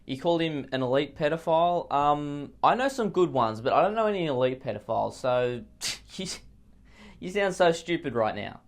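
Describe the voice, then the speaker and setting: A man's voice: fairly high pitch, expressive, moderate pace. A man doing a pompous, insulting politician. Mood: dismissive. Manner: boastful, rambling, trades in childish insults. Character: pompous insulting male politician at a press conference.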